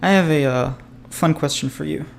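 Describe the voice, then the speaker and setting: A podcast host in casual chat, relaxed, laughing along and asking questions. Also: mid-range voice, normal speed, vocal fry, a little hiss or hum.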